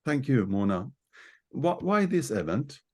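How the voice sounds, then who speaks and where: A man from Sweden, a board member, hosting and introducing an online training in a formal, measured, announcement-like way over a video call. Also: mid-range voice, very animated, a little mellow.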